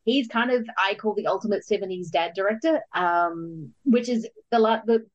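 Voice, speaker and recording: Female podcast host, mid-pitched, slightly muffled audio, easy chatty talk. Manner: chatty, quick agreeing interjections. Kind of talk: casual film podcast chat.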